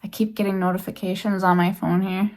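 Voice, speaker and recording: A woman's voice: medium pitch, flat delivery, brisk, darkish tone. A woman vlogging to camera as she unboxes a handmade gift, gushing and emotional, repeating her praise over and over. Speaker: crochet vlogger. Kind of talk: unboxing vlog, casual chat to camera.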